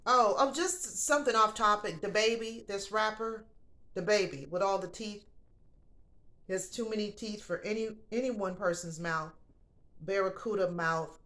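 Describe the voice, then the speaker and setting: A woman's voice: mid-range voice, normal speed, fairly bright tone. A woman hosting a casual opinion show, blunt and profane, swearing freely and calling viewers honey and baby. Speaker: host.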